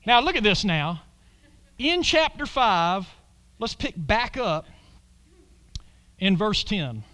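A man preaching a sermon, swinging from loud exclamations to hushed whispers and calling on the congregation to repeat lines after him. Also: high voice, sing-song, slow pace. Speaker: pastor.

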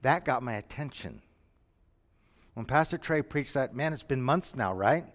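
A man preaching a sermon, moving between quiet lines and sudden shouts. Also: mid-range voice, animated, a little slow. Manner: dramatic, shifts from quiet to shouting. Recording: long reverb from a hall.

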